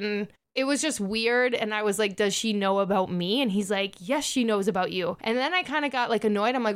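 A woman's voice: mid-range voice, a little fast, hardly any pauses, smooth. A young adult woman hosting a podcast, telling a personal dating story in a confessional way and acting out what others said. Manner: confessional, animated quoting of others. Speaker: podcast host. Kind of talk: candid storytelling chat.

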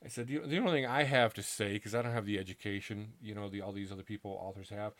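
A middle-aged man earnestly recounting a personal story in a casual, halting way, acting out what people said to him. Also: on the low side, steady tone, fairly bright tone. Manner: earnest, halting, with restarts and acted-out quotes. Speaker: author telling his story.

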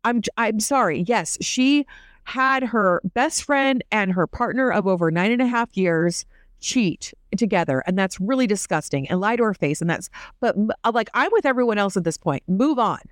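Chatty, opinionated podcast host, clear voice. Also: female voice, medium pitch, lively intonation, no room sound, studio quality. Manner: chatty and opinionated, quick asides. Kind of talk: casual recap podcast.

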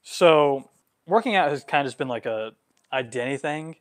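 A man in his twenties, a vlogger answering follower questions on a livestream, animated, getting worked up, with many "like" fillers. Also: a little high, normal speed. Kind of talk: livestream Q&A monologue.

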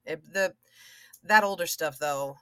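A woman in her thirties co-hosting a casual podcast, slipping into acted-out voices as she tells a story and laughing as she goes. Her voice sits a bit low but sounds bright and forward. The recording is dry and close, with no room sound. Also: unhurried, clear, resonant tone, dry recording. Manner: animated storyteller, acts out quotes, laughs often. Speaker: podcast co-host. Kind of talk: casual chat.

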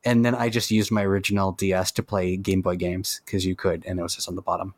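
A young man co-hosting a podcast in casual chat, rambling and excitable, swearing casually. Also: sits low, fast. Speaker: podcast co-host.

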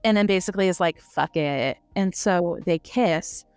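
A young woman co-hosting a podcast, chatting casually and excitedly about a book she reviewed, laughing often. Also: medium pitch, clear, resonant tone, no room sound. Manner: animated, gushing, quick laughs. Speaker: podcast co-host.

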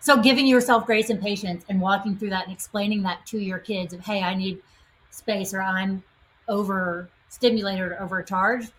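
Animated woman co-host spinning an image. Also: medium pitch, moderate pace, poor audio. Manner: animated, fond of extended metaphors. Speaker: podcast co-host. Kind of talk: casual podcast conversation.

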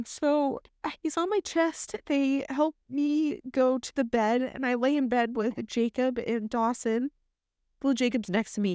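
A woman's voice: a little high, darkish tone, clear, resonant tone, no room sound, studio quality. A young woman telling a story in a casual, candid way, chatty, full of ums and likes. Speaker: podcast host.

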